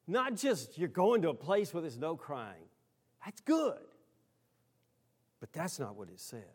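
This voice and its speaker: A man pastor delivering a conversational sermon to his congregation, speaking to them directly and moving between loud emphasis and hushed, almost whispered lines. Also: on the high side, very animated, measured pace.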